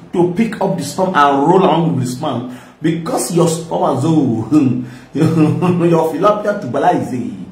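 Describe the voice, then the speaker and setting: A man's voice: a little high, lively intonation, unhurried, a little mellow, far from the mic. A man with a Nigerian accent giving a mocking, rambling reaction commentary, laughing often. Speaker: social media commentator. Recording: echoey room, voice from off-mic.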